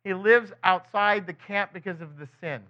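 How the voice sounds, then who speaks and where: Captured on a dull lo-fi recording, a man with a high-pitched voice preaches a conversational sermon as a Bible teacher. Rhetorical questions to the listeners come often, along with quick impressions quoting other people.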